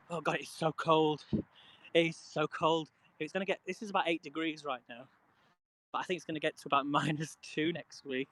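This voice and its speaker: A man's voice: on the high side, sharp tone, poor audio. Chatty British man on a walk. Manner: rambling, chatty, reads out viewer comments. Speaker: live streamer. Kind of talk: casual chat with live viewers. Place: outdoors on a cold walk.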